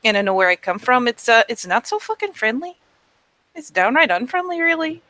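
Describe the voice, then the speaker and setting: A woman's voice: fairly high pitch, sing-song, a little fast, sharp tone, no room sound, rough recording. A woman playing her character in a tabletop game, talking casually and folksily with plenty of filler words. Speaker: player. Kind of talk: in-character role-play.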